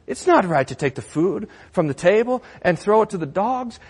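A man's voice: high voice, expressive, moderate pace, hardly any pauses, darkish tone. A male pastor preaching a sermon in a church, conversational with wry humor.

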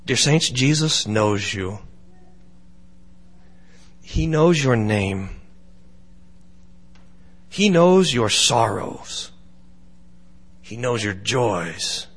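A man pastor giving a sermon, speaking slowly and deliberately with pauses, in a church. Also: medium pitch, animated, fairly bright tone, slightly rough, big-room sound. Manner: slow, deliberate, with pauses and dramatic storytelling.

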